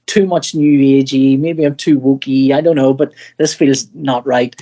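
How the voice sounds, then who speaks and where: A Northern Irish man chatting as a podcast guest, rambling and animated as he retells film scenes. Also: medium pitch, normal speed. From Northern Ireland. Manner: animated, rambling storyteller who puts on voices when retelling scenes. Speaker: guest, comic artist. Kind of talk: casual podcast chat.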